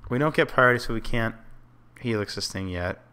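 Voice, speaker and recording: A man's voice: mid-range voice, animated, brisk, pushed and bright, clear, resonant tone. A man casually commenting on his own online card game, thinking aloud about plays and grumbling at his own mistakes. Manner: self-critical, frustrated muttering and outbursts. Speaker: gameplay commentator.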